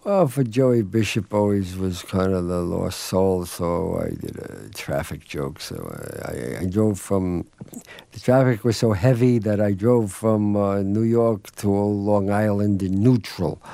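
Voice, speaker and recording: Brief: man in his 50s, low gravelly voice, self-mocking storyteller, dry close sound. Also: unhurried, dark tone, no echo. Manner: self-deprecating, rambling, joking with frequent laughs. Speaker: interview guest, TV writer and director. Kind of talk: casual interview storytelling.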